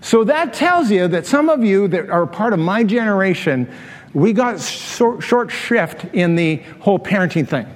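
A man's voice: high-pitched, very animated, unhurried. A middle-aged man preaching a sermon as a pastor, telling a story with humorous asides and laughing at his own jokes. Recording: long hall reverb.

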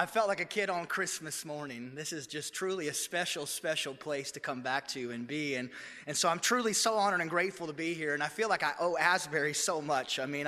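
A man in his thirties preaches to a congregation in a long, echoing hall, telling his story with restless energy and self-deprecating humor. His voice is bright and forceful and sits a little high. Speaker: pastor. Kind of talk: sermon. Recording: echoey hall.

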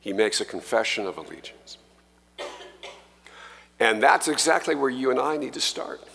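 A man preaching a sermon as pastor, slow and emphatic, rising in force when he quotes scripture. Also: mid-range voice, big pitch swings, creaky, a bit bright. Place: church sanctuary. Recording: long church reverb.

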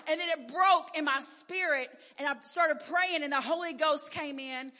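Bright-voiced woman preaching in a reverberant hall. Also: high-pitched, measured pace. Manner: candid, emphatic, rising to loud declarations. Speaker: preacher giving a testimony. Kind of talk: sermon testimony.

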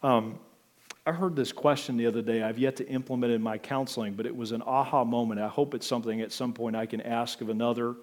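A man's voice: medium pitch, fairly even intonation, fast talker, darkish tone. A man, a pastor, preaching a sermon in a conversational way, with asides and emphatic rises.

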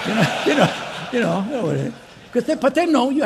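A male pastor preaching a conference sermon to fellow pastors, swinging between loud urging and soft earnest asides, with joking conversational remarks. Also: high voice, wildly swooping pitch, a little fast, vocal fry, background noise.

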